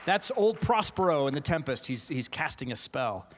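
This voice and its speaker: A man, a theatre teacher, giving an animated keynote talk to a live audience, often laughing and restarting his sentences. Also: fairly high pitch, moderate pace, a crowd in the background, background noise. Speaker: keynote speaker, theatre faculty member. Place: large auditorium, live audience. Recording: auditorium with long reverb.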